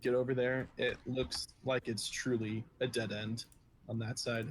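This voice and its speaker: A man's voice: mid-range voice, level tone, measured pace. A man in a mid-range voice runs the tabletop game, describing rooms and traps in a casual, easygoing way. He laughs often with his players, and a faint hiss of noise sits under his voice. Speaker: game master.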